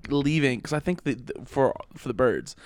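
A man's voice: medium pitch, expressive, normal speed, no echo, clean studio sound. A man co-hosting a podcast in casual chat, rambling and laughing often. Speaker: podcast co-host.

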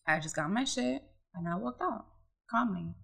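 A young woman telling a story in casual podcast chat, animated and full of swearing and fillers. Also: medium pitch, normal speed, vocal fry. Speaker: podcast co-host.

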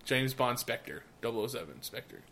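A man's voice: medium pitch, sing-song, moderate pace, vocal fry, sharp tone, a little hiss or hum. A man hosting a podcast in casual chat, steering topics with many hesitations and frequent laughter. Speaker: podcast host.

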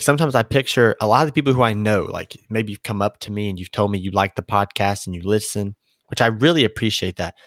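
Speaking on the low side, a young man runs a solo podcast in a loose, rambling way, often stopping to correct himself partway through sentences. The audio is studio quality with no room sound.

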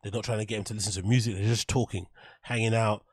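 A man's voice: fairly low pitch, fairly even intonation, fast, husky, dry recording. A man hosting a podcast, rambling candidly through a casual monologue with plenty of fillers and the odd swear word. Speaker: podcast host.

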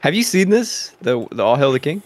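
Fast-talking laid-back podcast co-host man. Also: a little high, sing-song, dry recording. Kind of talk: casual chat.

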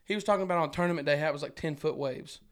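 A man's voice: a little high, very fast. A man from Arkansas, a podcast guest, telling a story in casual chat and acting out his own panic.

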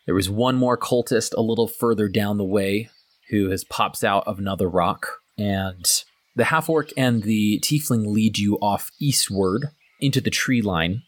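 A man's voice: fairly low pitch, a little slow, dry recording. A man narrating as game master in a tabletop game, loose and casual with many fillers.

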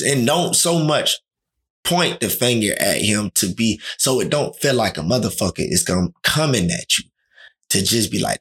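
A man's voice: mid-range voice, expressive, normal speed, fairly bright tone. A man talking in a casual, slangy chat, often acting out quoted dialogue.

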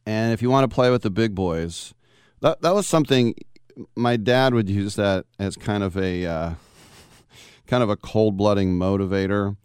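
A man's voice: lowish voice, unhurried, darkish tone, clean tone, dry recording, studio quality. A man hosting a sports talk radio show, chatting and telling stories with frequent laughs. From Bay Area of California. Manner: chatty, storytelling, laughs often.

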